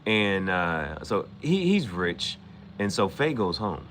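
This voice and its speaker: Man, anime recap host, casual rambling talk, swooping lively pitch, bright tone. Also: slow, slight background noise. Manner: rambling, repeats himself, quotes characters in casual slang.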